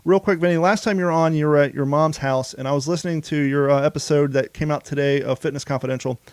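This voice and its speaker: A man with a slightly high voice co-hosts a podcast in a loose, rambling way, often circling back and restarting his sentences. The sound is dry and close, with no room around it. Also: fairly even intonation, quick pace, darkish tone, smooth, dry recording. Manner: rambling, self-interrupting. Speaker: podcast co-host. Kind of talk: casual podcast chat.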